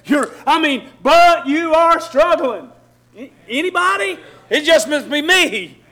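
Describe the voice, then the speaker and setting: A man preaching a sermon in church, swinging from loud shouting to soft low asides, with many repeats and restarts. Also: expressive, measured pace. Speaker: pastor. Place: church hall with congregation.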